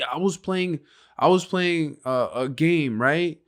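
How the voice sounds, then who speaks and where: A man's voice: on the high side, unhurried. A young man co-hosting a casual podcast, talking brashly and profanely, laughing and acting out little scenes. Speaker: podcast co-host.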